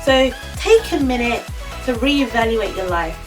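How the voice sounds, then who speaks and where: A young woman ranting in a casual vlog, exasperated and animated. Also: fairly high pitch, measured pace, recorded from a distance, music in the background, poor audio. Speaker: vlogger.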